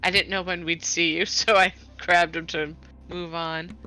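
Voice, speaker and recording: A woman playing a tabletop game, describing her character in a lively, giggly way. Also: on the low side, low-quality recording. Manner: lively and giggly, quick asides. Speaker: player.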